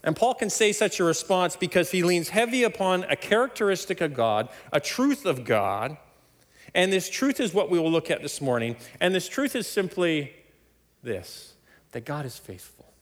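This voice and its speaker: A man preaching a sermon, emphatic and animated, often laughing between points. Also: moderate pace. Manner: animated, emphatic preaching with sudden loud high stresses. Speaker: pastor. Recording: long hall reverb.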